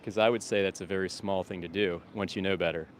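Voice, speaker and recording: A blunt middle-aged man with a low voice rants to his livestream viewers from a street, swearing freely. He calls out loudly and brightly to people passing by. Faint traffic noise hums behind him outdoors. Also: fairly even intonation, fast talker. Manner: calls out to passersby in a loud upbeat voice. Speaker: vegan street activist livestreaming. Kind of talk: casual livestream talk to viewers.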